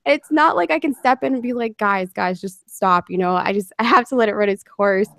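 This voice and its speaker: Woman, casual chat, storytelling, laughs a lot, gravelly, dry close mic. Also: a little high, lively intonation, quick pace, no echo. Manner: chatty storyteller, laughs often. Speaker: narrator and podcast guest.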